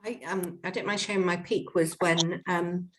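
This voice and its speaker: A woman sharing with a small wellbeing group. She speaks softly and hesitantly, with small pauses and fillers. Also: on the low side, steady tone. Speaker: group member.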